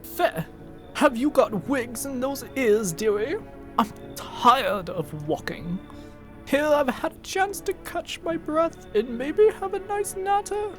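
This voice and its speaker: An actress voicing a chatty, sly old woman traveller who speaks in a coaxing, sing-song, drawn-out way. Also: high voice, lively intonation, soft background music. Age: older.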